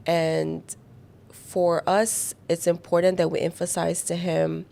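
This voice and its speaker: Woman, young adult, podcast guest, gravelly voice, animated casual chat. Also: lowish voice. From United Arab Emirates and the Philippines. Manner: animated, quick storytelling with many fillers.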